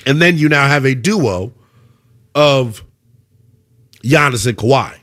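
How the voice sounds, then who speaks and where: A man hosting a sports talk radio show, arguing his takes with rhetorical questions and an animated delivery. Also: medium pitch, slow pace.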